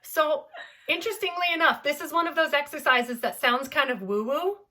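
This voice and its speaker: A young adult woman from Southern California, a voice teacher talking in a podcast interview in an animated, playful way. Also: high voice, fairly quick. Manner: animated, playful, demonstrates with gibberish singing sounds. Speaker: voice teacher, guest.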